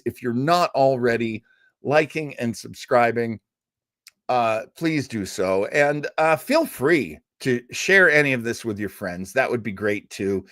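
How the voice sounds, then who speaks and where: Man, casual live host, chatty, laughs a lot, animated pitch, unhurried, dry close sound. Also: no room sound. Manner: chatty, reads viewer comments aloud, laughs often. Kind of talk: casual live-stream chat.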